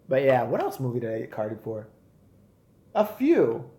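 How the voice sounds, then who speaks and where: A man in his forties ranting on a live stream, profane and animated. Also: mid-range voice, moderate pace, long pauses, echoey room. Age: 40s. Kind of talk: casual rant.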